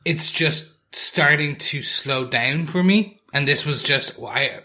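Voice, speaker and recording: A man's voice: a little high, slow pace, sharp tone. A man co-hosting a podcast in casual chat, rambling and correcting himself as he goes. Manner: rambling, self-correcting with many restarts. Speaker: podcast co-host.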